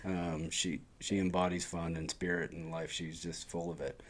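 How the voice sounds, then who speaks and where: A man's voice: deep voice, little pitch movement, normal speed, a crowd in the background. A man in his forties hosting a podcast, friendly and affirming, with frequent ums. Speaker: podcast host. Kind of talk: casual interview chat.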